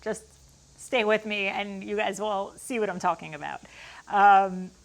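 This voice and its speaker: A woman's voice: medium pitch, unhurried, gravelly. Chatty woman with a Long Island accent. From Long Island, New York. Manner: chatty, laughs often, many "like" fillers. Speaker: woodworking channel host. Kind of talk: casual Q&A talk to camera. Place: detached garage workshop.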